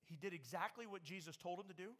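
Man, preacher, sermon, emphatic, bright tense tone. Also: high voice, quick pace, slightly rough. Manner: emphatic preaching, quoting scripture with raised voice. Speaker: pastor.

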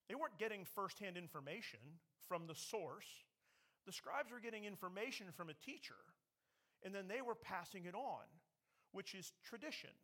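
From a church pulpit, a man with a voice on the high side preaches a sermon in the sanctuary. He's earnest and conversational, slowing down and then suddenly getting loud to drive a point home.

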